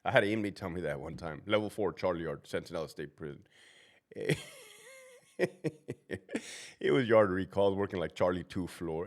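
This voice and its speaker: A man's voice: low-pitched, a little slow, long pauses. A middle-aged man, a former prison officer, giving a casual, profane monologue full of stories and asides. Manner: profane, animated storytelling with asides.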